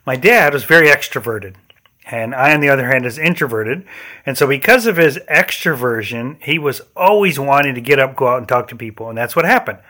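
A man's voice: medium pitch, animated, a little fast, pushed and bright. A man hosting a faith and leadership podcast, telling personal stories in an earnest way with a few restarts. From Michigan, USA. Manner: earnest storytelling with occasional restarts. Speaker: podcast host.

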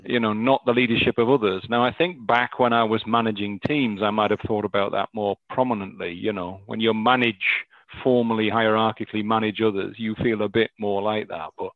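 Speaking quite quickly in a fairly low, steady voice, a Northeast England man with a Northern English accent reflects on his work as a coach. His talk is hesitant, packed with fillers and restarts, and the audio sounds phone-quality with no room sound.

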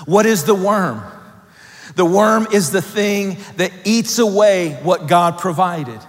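A male pastor preaching a sermon, swinging between loud emphatic lines and hushed, low ones. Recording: long hall reverb.

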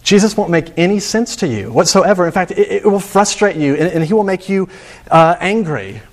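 A male preacher delivers a sermon with earnest emphasis. His voice sits a little higher than most men's, and he doubles back on words as he drives each point home. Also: animated, moderate pace.

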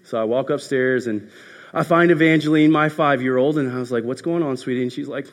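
A man preaching a sermon as a pastor, telling a story and swinging from loud passages to hushed ones. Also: mid-range voice, a little fast. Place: church hall. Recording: echoey hall.

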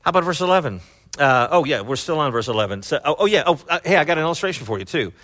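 A middle-aged man preaching in a loose, conversational way, scattering fillers as he goes. His voice sits fairly high for a man and has a bright, forceful edge. He drops to low asides, then climbs into loud, excited bursts. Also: racing. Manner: loose, chatty delivery with many fillers. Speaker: pastor. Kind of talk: conversational sermon.

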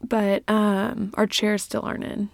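Chatty woman podcast co-host with a gravelly edge. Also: mid-range voice, a little slow, no echo, studio quality. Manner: chatty, animated, laughs often. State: hiccups. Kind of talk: casual chat. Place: small closet.

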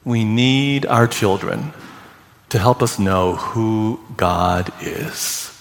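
A man preaching a sermon as pastor, telling a story slowly with heartfelt quoted dialogue. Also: on the low side. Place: church sanctuary. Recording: long reverb of a church sanctuary.

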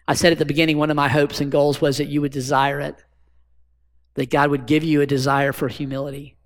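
A man's voice: on the high side, level tone, a little fast. A man preaching a sermon as pastor, talking conversationally and asking the congregation rhetorical questions. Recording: long hall reverb.

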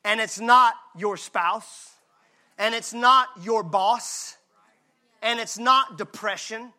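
A male pastor with a high-pitched, bright and forceful voice delivers a sermon. He preaches emphatically, dropping to hushed intimacy and then rising to shouts. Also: takes it slowly.

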